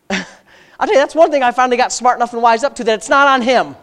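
A preacher delivering a sermon in a folksy, conversational way, asking repeated rhetorical questions and swinging from quiet asides to loud, emphatic peaks. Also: mid-range voice, brisk, smooth.

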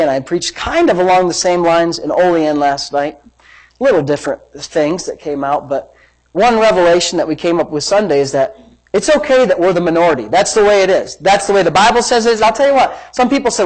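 Energetic preacher driving a sermon home. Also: mid-range voice, fairly quick, poor audio. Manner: energetic preaching with repeated phrases and rhetorical questions. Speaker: pastor. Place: church service.

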